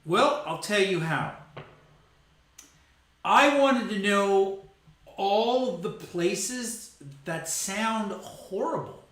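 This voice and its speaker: A man's voice: high-pitched, lively intonation, drawn-out words, pauses often, a bit bright, very echoey, rough recording. A man hosting a live stream, rambling through a loose, joking monologue and laughing at his own jokes.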